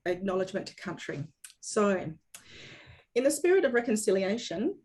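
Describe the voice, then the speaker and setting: A woman's voice: medium pitch, a little mellow. A woman hosting an online training session, talking in an upbeat, chatty and welcoming way. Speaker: webinar host for a dairy company.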